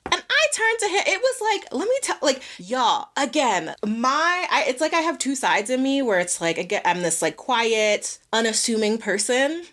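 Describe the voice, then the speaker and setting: Animated young woman telling stories. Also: medium pitch. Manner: candid, animated, swears freely. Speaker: podcast host. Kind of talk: solo storytelling podcast.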